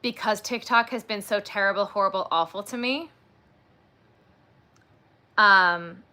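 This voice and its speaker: A woman with a bright, clear voice hosts a casual crochet livestream. She rambles from topic to topic, filling her talk with "like" and "um" and gushing over things she enjoys. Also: mid-range voice, measured pace. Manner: rambling, chatty, gushing, says "like" and "um" often.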